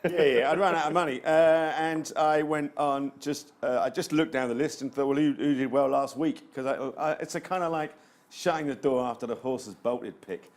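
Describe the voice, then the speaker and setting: A man's voice: on the high side, fairly even intonation, moderate pace. A man on a sports panel, joking and self-deprecating about his pick. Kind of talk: panel discussion.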